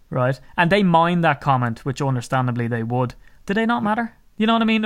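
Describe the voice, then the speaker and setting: A man co-hosting a casual sports podcast, rambling and animated as he goes off on tangents. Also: on the high side, moderate pace, smooth, no echo, clean studio sound. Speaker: podcast co-host.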